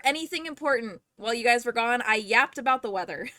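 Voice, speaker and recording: A woman's voice: fairly high pitch, animated, fairly quick, bright, forceful tone, dry recording, clean studio sound. A young woman hosting a livestream at home, chatting and ranting casually with frequent swearing, a little out of breath. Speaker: livestream host. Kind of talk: casual chat to viewers.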